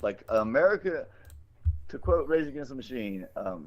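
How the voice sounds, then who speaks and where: A man's voice: mid-range voice, moderate pace. Rambling, cursing man on a podcast. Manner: rambling, profane and animated. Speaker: podcast co-host. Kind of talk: casual podcast chat. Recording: dull lo-fi recording.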